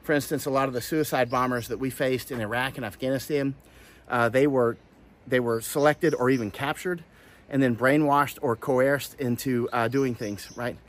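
A man's voice: mid-range voice, steady tone, normal speed. A man from Florida giving casual commentary, rambling with many restarts and fillers. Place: outdoors, in hot weather.

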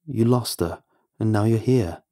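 A man voicing a cold, mysterious older man who calmly questions a captive in a horror story. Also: on the low side, unhurried. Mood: probing.

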